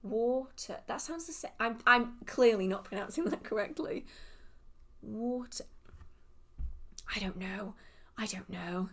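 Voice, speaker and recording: A young English woman with a southern English accent hosts a relaxed livestream Q&A, reading out viewer questions and answering them off the cuff. She talks in a loose, chatty way, drifting into tangents and circling back with little fillers. Her voice sits at an ordinary middle pitch for a woman. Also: normal speed, breathy edge. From England. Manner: chatty, rambling, goes off on tangents. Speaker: witchcraft Q&A livestream host.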